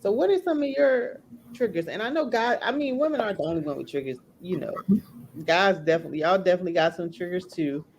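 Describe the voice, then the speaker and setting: Woman host, lowish voice, faint room noise, laughs a lot. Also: expressive, fast talker, darkish tone. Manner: laughs often, prompts guests directly. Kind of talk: casual chat.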